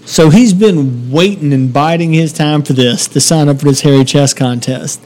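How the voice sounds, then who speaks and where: Profane, storytelling man, slightly high voice. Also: normal speed, darkish tone. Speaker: podcast co-host. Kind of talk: casual chat, storytelling.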